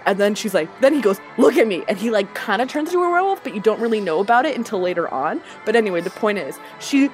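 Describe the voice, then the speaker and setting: Animated, swearing woman recapping a movie. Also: mid-range voice, fast, few pauses, soft background music. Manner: rambling, profane, lots of "like". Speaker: podcast co-host. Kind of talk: casual movie recap chat.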